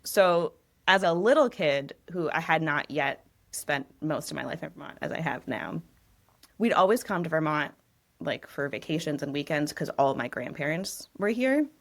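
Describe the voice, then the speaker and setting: A woman in her thirties from New England talks as a guest in a casual interview. She is chatty and tells stories at length. Her voice sits slightly low and she laughs easily. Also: lively intonation, moderate pace. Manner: chatty, laughs often, rambling storyteller. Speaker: real estate agent, guest.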